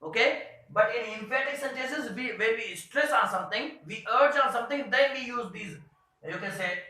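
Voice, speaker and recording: A man teaching English grammar in a classroom-style lesson, his voice high and bright. He talks haltingly, leaning on "uh" and "you can say" as he searches for words. The room around him is strongly echoey.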